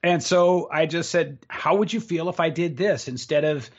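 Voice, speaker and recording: A man's voice: a little high, moderate pace. Confident man on a dull call line. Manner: confident, animated storyteller. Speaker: podcast guest, speaking coach. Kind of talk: casual interview storytelling. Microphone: remote call setup.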